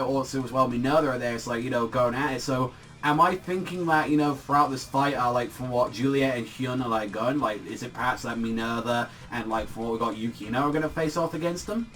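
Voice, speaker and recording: A man's voice: mid-range voice, fairly bright tone, recorded from a distance. A young British man reviewing manga in a casual vlog, rambling and swearing, with lots of fillers. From Britain.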